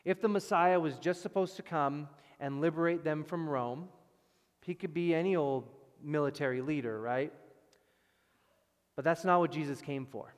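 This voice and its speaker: A man preaching a sermon as pastor, with emphatic loud stresses that drop to quiet, low passages. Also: moderate pace. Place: church sanctuary. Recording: long reverb of a church hall.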